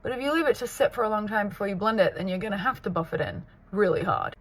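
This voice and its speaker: A woman in her thirties from the north of England with a muddled British-American accent and Scouse traces, chatting casually through a makeup tutorial and often dropping to a soft near-whisper. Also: mid-range voice, animated, quick pace. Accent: mixed British and American, with Scouse traces. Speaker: makeup artist and content creator. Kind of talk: get-ready-with-me makeup tutorial.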